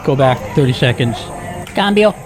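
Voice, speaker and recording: A walking tour vlogger films a casual tour on a busy city street, chatting to viewers as he goes. His mid-range voice is animated and moderately paced, with street noise and city ambience behind him.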